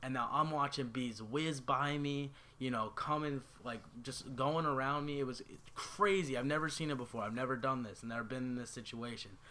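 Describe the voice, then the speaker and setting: A young man with a bright, forward voice tells a personal story to his viewers. He rambles through it casually, with plenty of "like" and "you know" as he goes. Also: mid-range voice, normal speed, hardly any pauses. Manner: rambling, filler-heavy, animated retelling. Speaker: YouTuber.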